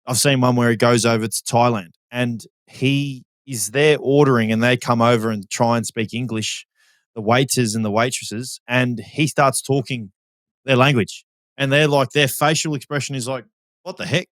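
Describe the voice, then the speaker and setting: A man's voice: mid-range voice, fairly even intonation, normal speed, fairly bright tone, no room sound. A man co-hosting a podcast, laughing easily and putting questions to the others. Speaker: podcast co-host. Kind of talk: casual banter.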